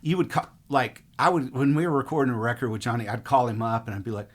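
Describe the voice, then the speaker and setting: A middle-aged man from Mississippi, telling stories in a rambling, relaxed way as a musician guest in an interview. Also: medium pitch, fast talker, hardly any pauses. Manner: relaxed, rambling, frequent fillers. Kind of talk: casual interview storytelling.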